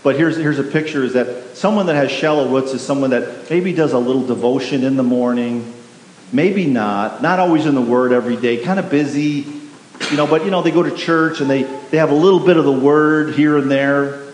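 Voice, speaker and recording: A pastor preaching a sermon, emphatic and repetitive, putting questions to the congregation. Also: male voice, medium pitch, fairly quick. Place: church sanctuary. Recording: echoey hall with faint hiss.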